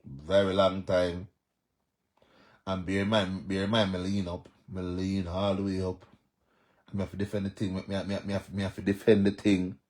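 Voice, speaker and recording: Lively Jamaican man chatting on a livestream. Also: deep voice, moderate pace. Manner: animated, reads out viewer comments and answers them. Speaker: live stream host. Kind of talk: casual live stream chat.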